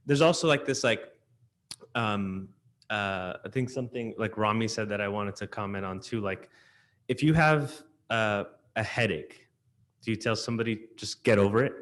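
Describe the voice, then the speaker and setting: A man's voice: fairly low pitch, moderate pace. Rambling, filler-heavy man in the audience. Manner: rambling, full of fillers, grows animated. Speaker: audience member. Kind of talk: comment from the audience.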